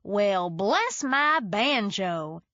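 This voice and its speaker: A woman's voice: fairly high pitch, expressive, measured pace, a bit bright, dry recording. Cocky beach bum lawyer in his forties, as a lady narrator puts him on, drawly mock hick twang, kinda dull dry audio. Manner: mocking, drawling put-on hick accent.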